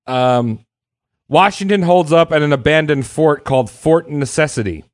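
A man's voice: on the high side, normal speed, no room sound, studio quality. A young man casually retelling history as a podcast host, irreverent and profane, often laughing as he talks. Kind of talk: casual storytelling chat.

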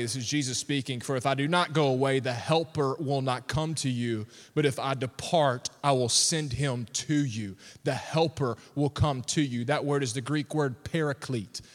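A pastor, preaching a sermon with animated storytelling and laughter. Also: male voice, mid-range voice. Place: church hall. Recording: long reverb of a church hall.

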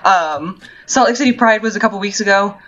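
A woman's voice: mid-range voice, a little fast, fairly bright tone, dull audio, slight background noise. A young woman co-hosting a podcast, chatting casually, laughing often and swearing freely. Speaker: podcast co-host.

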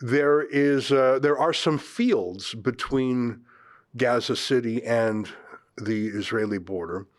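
A man's voice: mid-range voice, takes it slowly, no echo, studio quality. A man hosting an online news show, commenting loosely and off the cuff, breaking off to direct his crew. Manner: loose, unscripted, with restarts and asides to the production crew.

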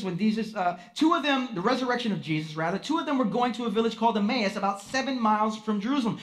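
Emphatic woman preaching a sermon. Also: a little high. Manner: emphatic, with sharp swings in pace and loudness; drops to a hush on key words. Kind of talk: sermon with scripture reading. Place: room with a congregation.

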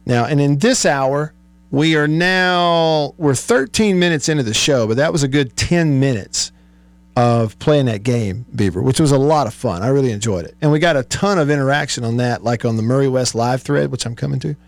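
A man's voice: mid-range voice, normal speed, dry recording. A man hosting a sports radio show in a studio, chatting casually, reading listener texts and laughing often. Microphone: studio microphone.

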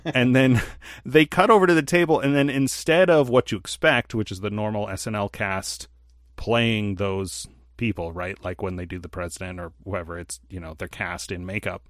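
A man with a fairly low voice, chatting casually on a podcast. He rambles and fills pauses with ums and you-knows, and gets animated when retelling something funny. The sound is close and dry. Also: no room sound. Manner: rambling, animated storyteller with many fillers. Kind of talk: casual chat.

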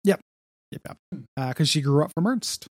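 In studio-quality audio with no echo, a young adult man co-hosting a podcast rambles through a comics recap, leaning on lots of fillers. His voice is fairly high and animated, at a moderate pace.

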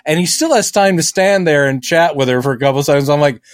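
Animated man with a dry close sound. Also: a little high, fast, no room sound. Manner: animated, acts out quotes in silly voices. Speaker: podcast co-host. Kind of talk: casual chat.

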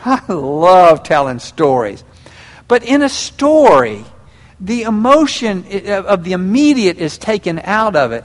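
A man's voice: high voice, big-room sound. An older man preaching a sermon as a pastor, telling stories and acting out prayers and quotes with animation.

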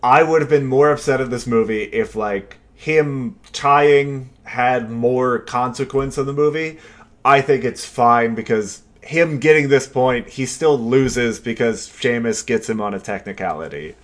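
A man's voice: mid-range voice, unhurried. Joking man in casual podcast chat. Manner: joking, playful banter. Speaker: podcast co-host.

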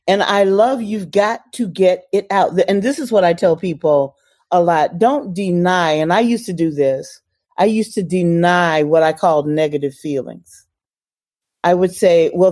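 A woman's voice: fairly low pitch, dark tone, no room sound, studio quality. A woman hosting a podcast interview, asking questions and giving earnest, emphatic opinions. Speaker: podcast host.

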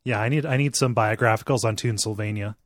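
A man's voice: fairly low pitch, fast, no room sound. Laid-back man, dry close sound. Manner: laid-back, short agreeing replies, laughs easily. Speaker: podcast co-host. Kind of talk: casual chat.

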